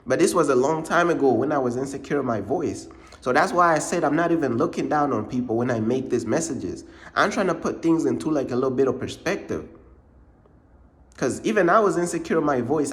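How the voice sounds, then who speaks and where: A man giving a casual, informal faith pep talk in slangy speech, repeating his points and often calling the listener "bruh". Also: fairly high pitch. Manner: repetitive, informal slang, says "bruh" a lot; emphatic, circles back to points. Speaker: ministry channel host.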